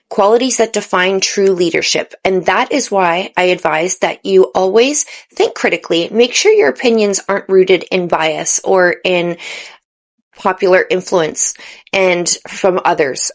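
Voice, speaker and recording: A woman talking straight to camera in a motivational lifestyle vlog, earnest and encouraging, a bit tired late at night and sometimes stumbling over her words. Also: mid-range voice. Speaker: lifestyle vlogger. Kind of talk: motivational direct-to-camera talk.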